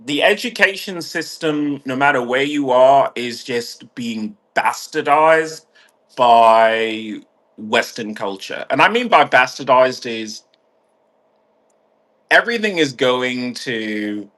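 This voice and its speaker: A man's voice: medium pitch, animated, takes it slowly, a bit bright. Profane, heated ranting man. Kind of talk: ranting monologue.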